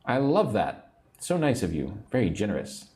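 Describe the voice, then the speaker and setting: A man's voice: fairly low pitch, wildly swooping pitch, moderate pace, a little mellow. A man teaching an English lesson on a livestream, patiently repeating words for learners and sounding a little sleepy. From United States. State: sleepy, yawning.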